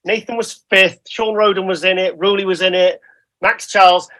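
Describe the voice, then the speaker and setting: A man's voice: sits high, steady tone, moderate pace, a bit bright, rough recording. A British man co-hosting a casual podcast, rambling through stories in a self-deprecating way. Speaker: co-host.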